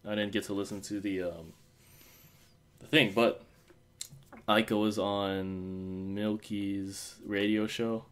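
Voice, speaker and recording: A man's voice: fairly low pitch, flat delivery, takes it slowly, long pauses, a bit bright, smooth. A man co-hosting a casual fan podcast, rambling with many fillers and restarts. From Osaka. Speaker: podcast co-host.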